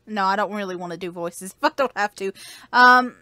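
A woman's voice: mid-range voice, brisk, bright, forceful tone, dry recording, studio quality. A woman from Kentucky co-hosting a game playthrough, chatting casually in an easygoing, hesitant way full of fillers. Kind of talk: casual chat.

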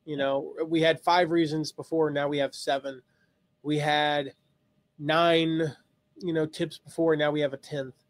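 A man's voice: on the high side, little pitch movement, unhurried, no echo. A man hosting a live online lesson, talking through ideas with many restarts. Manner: rambling, thinks aloud with many restarts. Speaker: host.

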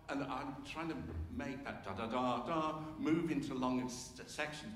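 A man's voice: medium pitch, unhurried, hardly any pauses, a little hiss or hum. Older man, composer talk to a concert crowd, hums themes, dry self-mocking humour, long hall reverb. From England. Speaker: composer introducing his symphony. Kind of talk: informal talk to a concert audience. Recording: roomy hall reverb, faint ambience.

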